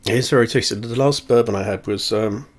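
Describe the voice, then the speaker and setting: A man with a somewhat low voice chats in a loose, rambling way, poking fun at himself and dropping the odd swear word. He sits very close to the camera in a small home setup. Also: brisk. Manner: rambling, self-deprecating, swears offhandedly. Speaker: whiskey reviewer. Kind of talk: casual rambling chat. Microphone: camera very close to face.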